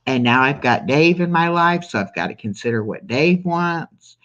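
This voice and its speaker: A woman's voice: deep voice, lively intonation, normal speed. Woman, 60s, live-stream host; rambling, chatty delivery full of fillers; slightly dull lo-fi audio. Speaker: livestream host. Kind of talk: casual live-stream chat.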